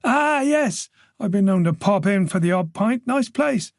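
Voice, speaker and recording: A man's voice: high voice, expressive, a little slow, vocal fry, dry recording, studio quality, voice pushed up, full character voice. A man voicing a reserved, polite middle-aged police chief inspector in a story. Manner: polite, modest, guarded.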